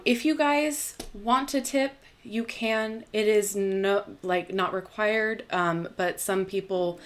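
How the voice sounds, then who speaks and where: A young woman in a casual live-stream chat, talking in a bubbly, rambling way. She laughs often and fills her pauses with little ums. Her voice sits at an ordinary middle pitch. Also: fairly bright tone. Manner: chatty, bubbly, laughs often, many fillers. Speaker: tarot channel host.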